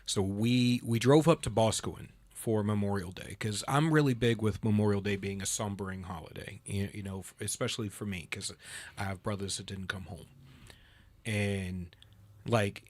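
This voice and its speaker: A man hosting a casual political talk show, telling stories with lively acted-out dialogue. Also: on the low side, moderate pace. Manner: animated storyteller, acts out dialogue in a raised voice. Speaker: host.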